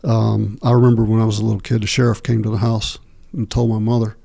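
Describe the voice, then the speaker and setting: A middle-aged man from Texas, a podcast guest telling stories from his life in a halting way, with many pauses and restarts. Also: on the low side, flat delivery, vocal fry, dark tone. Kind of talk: candid interview storytelling.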